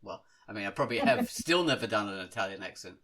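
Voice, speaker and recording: A man's voice: on the low side, lively intonation, fast, a bit bright, slight background noise. A man hosting a casual podcast, rambling, correcting himself and laughing at his own slips. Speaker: podcast host.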